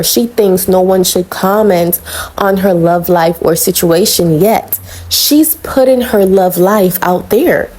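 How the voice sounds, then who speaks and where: A woman's voice: mid-range voice, mellow, low-quality recording. A woman vlogging celebrity gossip in a casual, blunt and sassy way, calling out people and addressing viewers as honey. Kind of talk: casual opinionated commentary.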